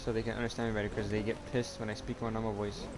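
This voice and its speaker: A man talking casually in a personal vlog, halting and rambling with many restarts, earnest and confessional. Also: on the low side, flat delivery, background noise. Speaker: YouTuber. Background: music playing.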